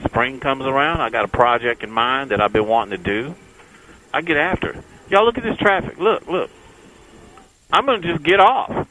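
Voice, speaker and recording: This man, a motorcycle vlogger from Texas, chats folksily with viewers as he rides the freeway. He speaks at a moderate pace in a voice on the high side, pausing often, against a noisy background.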